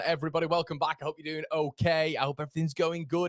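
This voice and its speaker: A man's voice: fairly high pitch, steady tone, fairly quick, hardly any pauses, a bit bright, dry recording, studio quality. A young man hosting a live football transfer chat, chatty and cheeky as he reads out viewer comments. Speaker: host.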